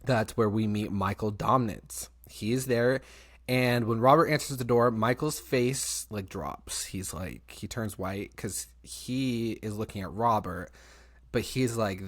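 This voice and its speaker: A young man hosting a podcast, telling a story in casual chat, animated, laughing often and swearing freely. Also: on the low side, a little slow. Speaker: podcast host.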